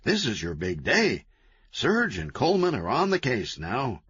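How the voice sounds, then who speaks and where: Man doing a manic cheerful antihero, higher voice, lively, fast-talking, lo-fi dry audiobook recording. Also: husky, no echo, exaggerated voice. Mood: gleeful. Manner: gleeful, fast-talking, wheedling. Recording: dull, lo-fi, dry.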